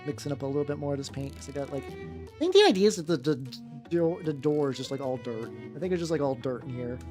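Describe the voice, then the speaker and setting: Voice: mid-range voice, very animated, quick pace. An American VTuber chatting casually while painting miniature terrain, rambling with frequent restarts and swearing. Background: faint background music.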